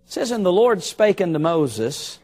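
High-voiced preacher telling a story. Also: male voice, sing-song, a little mellow, soft background music. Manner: storytelling, slows for emphasis on key phrases. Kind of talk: sermon. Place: church sanctuary.

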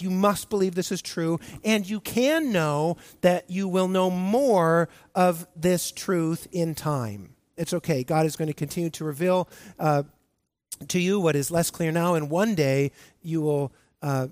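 A man preaching a sermon as pastor, earnest, drawing out key words with slow emphasis and often restarting his phrases. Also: fairly high pitch, a little mellow, no echo.

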